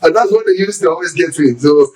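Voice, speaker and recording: A middle-aged Nigerian man with a Nigerian accent, telling his life story as an interview guest, animated and acting out the voices of people he quotes. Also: a little high, fast, distant mic, poor audio. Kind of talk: casual storytelling.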